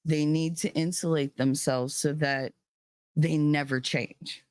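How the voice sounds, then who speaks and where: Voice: mid-range voice, fairly even intonation, clear, resonant tone, no room sound. Earnest livestream host, dry close sound. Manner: earnest and emphatic, with frequent fillers; stretches key words slowly for emphasis. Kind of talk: casual spoken monologue.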